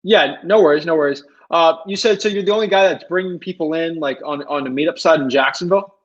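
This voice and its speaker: A man hosting a live stream over a video call, speaking in a relaxed, casual way. His voice sits a little high. The audio is dull and lo-fi. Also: fast. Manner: casual, relaxed, apologetic about tech trouble. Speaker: host.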